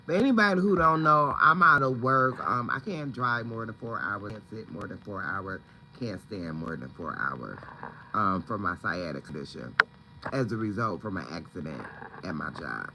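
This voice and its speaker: A man's voice: on the low side, expressive, normal speed, noisy background. A man chatting casually on a home livestream, rambling and greeting viewers by name. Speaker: livestream host. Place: at home, indoors.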